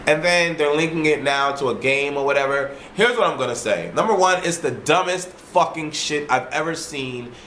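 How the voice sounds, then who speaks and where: A man vlogging in a casual, ranting monologue. He tells his story in an animated way, swears freely and repeats himself. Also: on the high side, normal speed, hardly any pauses, a little hiss or hum. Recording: roomy echo.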